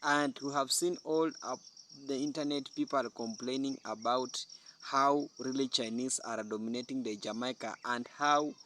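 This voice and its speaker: Male commentator, earnest and repetitive, mid pitch, faint crickets behind. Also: moderate pace, sharp tone, a little hiss or hum. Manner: repetitive, restarts often, earnest. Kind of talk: spoken opinion commentary.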